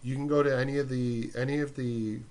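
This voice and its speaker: A man's voice: medium pitch, steady tone, fairly quick, darkish tone. A man chatting casually, rambling with lots of filler words. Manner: rambling, many "like" and "whatnot" fillers. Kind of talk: casual podcast chat.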